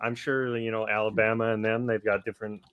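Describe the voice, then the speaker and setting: A man from the United States co-hosting a podcast, laid-back and trailing off softly. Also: fairly low pitch, little pitch movement, brisk, clean tone, no echo, phone-quality sound. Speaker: podcast co-host. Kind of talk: casual chat.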